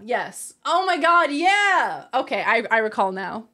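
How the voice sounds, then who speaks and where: A woman's voice: high voice, big pitch swings, measured pace, hardly any pauses, pushed and bright. A woman livestreamer in casual chat, reading her viewers' messages aloud and laughing often.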